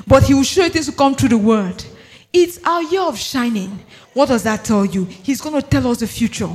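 A man pastor preaching a fervent shouted sermon to a congregation, breaking into speaking in tongues. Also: very high voice, expressive, normal speed. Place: church before a congregation.

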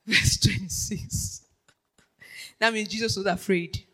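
An animated preacher delivers a sermon in a bright, sharp voice. The delivery swings from near-whispers up to shouts, with frequent laughter and repeated check-ins with the listeners. The pitch sits at a middle height. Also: slow pace, poor audio. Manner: keeps checking in with the audience.

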